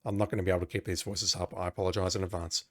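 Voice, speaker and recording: A man's voice: low voice, little pitch movement, very fast, a bit bright. A man playing an old adventure game, reading its text aloud and adding wry, joking asides. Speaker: game commentator.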